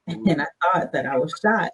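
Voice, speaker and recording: A woman's voice: lowish voice, lively intonation, a little slow, a crowd in the background, rough recording. A woman who is an army veteran, a guest on a podcast interview, telling her stories in a candid, loosely structured way.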